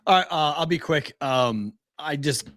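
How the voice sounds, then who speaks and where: Sports show co-host guy, mid pitch, dry sound, upbeat and chatty. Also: a little slow, no echo. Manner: upbeat, repeats words when excited. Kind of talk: casual sports talk.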